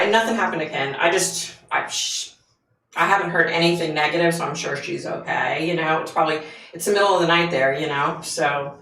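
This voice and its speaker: A woman from the United States hosts a relaxed livestream, chatting with viewers and greeting them by name. Her voice sits a little low, and she talks with plenty of fillers. The room around her gives the sound a noticeable echo. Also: slight background noise. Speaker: livestream host. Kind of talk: casual livestream chat with viewers.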